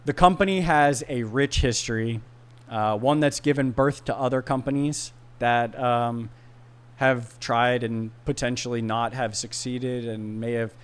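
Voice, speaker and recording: A man speaking as a podcast guest in casual chat, an animated storyteller who slips into voices when he quotes people. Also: mid-range voice, clean tone.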